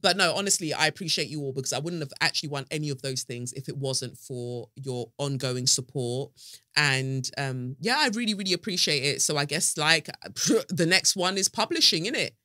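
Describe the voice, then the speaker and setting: A woman hosting a podcast, telling a story in an animated, dramatic way and swearing freely. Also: deep voice, normal speed, no echo, studio quality. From United Kingdom. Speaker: podcast host. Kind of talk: casual podcast monologue.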